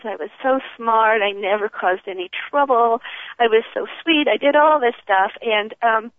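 Older lady on a tinny phone line, kinda high voice, tells her story all animated, laughs a lot. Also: dry recording. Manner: animated, acts out the people she quotes, laughs often. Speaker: author and guest. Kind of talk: emotional personal storytelling.

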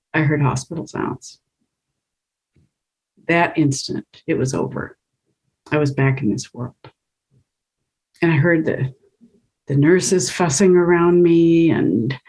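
A woman guest, the author of a book, earnestly recounts a personal experience in a casual interview, laughing often as she talks. Her voice is low and mellow with a breathy edge, and the audio is poor.

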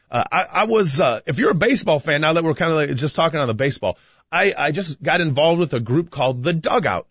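Man, podcast co-host, rambling, excitable, fairly high voice, dry muffled recording. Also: no echo. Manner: rambling, excitable, with frequent restarts and shouted bursts. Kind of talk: casual radio-style chat.

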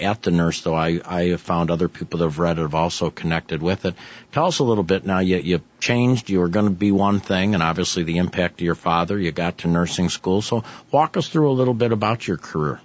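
Very deep-voiced male interview host. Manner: rambling, halting questions. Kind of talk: interview questions. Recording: dull lo-fi sound.

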